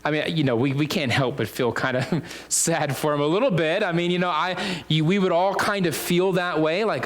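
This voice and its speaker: A man's voice: fairly high pitch, normal speed. A man preaching a sermon in a conversational way, full of fillers and restarts, repeating phrases for emphasis.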